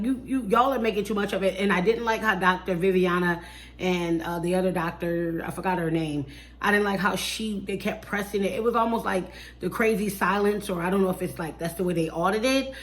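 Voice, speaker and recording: A woman reviewing a reality TV show in a casual chat. She is blunt and sassy, with animated outbursts and mocking impressions of the people she discusses. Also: medium pitch. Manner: mimics people in mocking voices.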